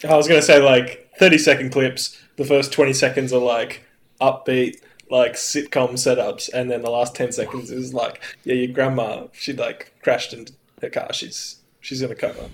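A man in casual chat, eagerly pitching ideas with a dark sense of humor. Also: flat delivery, normal speed, a little hiss or hum.

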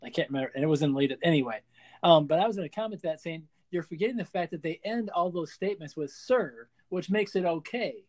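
A man's voice: on the high side, animated, fast talker, a little mellow. A man co-hosting a podcast, making jokey sarcastic asides. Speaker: podcast co-host. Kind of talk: casual chat.

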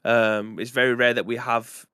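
A man's voice: mid-range voice, flat delivery, moderate pace, bright, forceful tone, smooth, dry recording, clean studio sound. A man from the UK co-hosting a casual live-streamed podcast, easygoing and plain-spoken, swearing casually. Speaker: podcast co-host.

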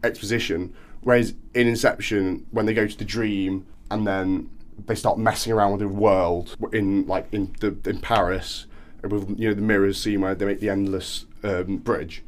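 A man in casual film chat on a podcast, animated and acting out quoted reactions. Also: lowish voice, moderate pace.

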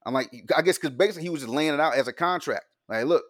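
A man's voice: on the high side, racing. A man co-hosting a casual podcast chat, telling stories in a blunt, profane way.

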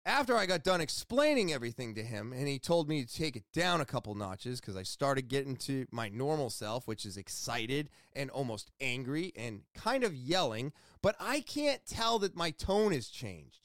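A man telling a rambling personal story in a casual vlog, excitable and loud, with lots of restarts and the odd swear word. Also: medium pitch, moderate pace, few pauses, no room sound, clean studio sound. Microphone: headphones with mic.

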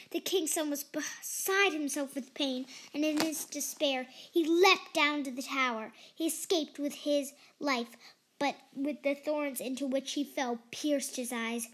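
A young woman with a high, light voice reads a fairy tale aloud. She goes carefully line by line, with the odd slip and restart. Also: measured pace, a bit bright, slight background noise. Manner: careful reading with small slips. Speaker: storyteller.

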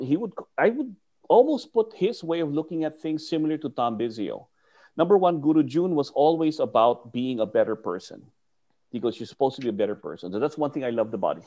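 Animated man telling stories. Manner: lively, acts out quotes with swings in pitch and volume. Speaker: guest, martial arts teacher. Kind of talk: animated storytelling in conversation.

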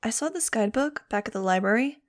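A woman's voice: a little high, lively intonation, fast talker, pitched above the performer's own voice, natural voice. An eager, hopeful young girl from an audiobook, voiced by a woman. She rattles off her wishes one after another in a lightly raised voice.

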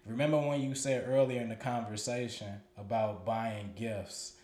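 Man, 30s, middle pitch, profane storyteller, echoey room. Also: fairly even intonation, moderate pace, darkish tone. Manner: loose, profane, repeats words as he thinks. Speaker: podcast co-host. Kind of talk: candid storytelling chat.

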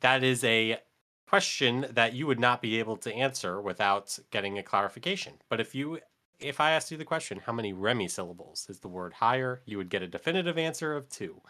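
Male podcast co-host with a bright voice, deadpan and mock-formal. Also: medium pitch, a little fast. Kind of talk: casual chat.

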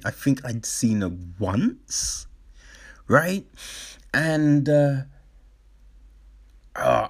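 Guy ranting to camera, lots of swearing, pitch jumps all over, takes his time. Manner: swears freely, exasperated storytelling. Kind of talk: casual ranting monologue.

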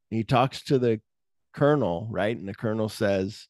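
A man's voice: mid-range voice, a little fast, darkish tone, dry recording, clean studio sound. A man co-hosting a podcast, retelling movie scenes animatedly, acting out the quotes and swearing freely. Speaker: podcast co-host. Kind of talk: casual movie chat.

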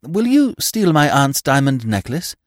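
A man voicing a scatterbrained, plaintive young gentleman who talks in a hurried, breathless, exclamatory way, in an audiobook reading. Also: mid-range voice, sing-song, no room sound, clean studio sound, pitched above the performer's own voice. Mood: flustered.

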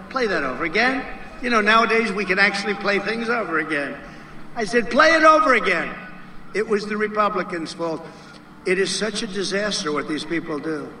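A man's voice: high-pitched, pushed and bright, slight background noise. A man giving a rally speech in a rambling, repetitive way, full of emphatic asides. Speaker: political speaker. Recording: roomy, heard from a distance.

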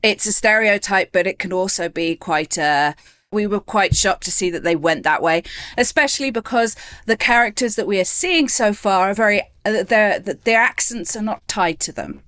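A woman co-hosting a casual review chat, lively and laughing often. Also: medium pitch, normal speed, dry recording. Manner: lively, laughs often, restarts mid-sentence. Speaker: podcast co-host.

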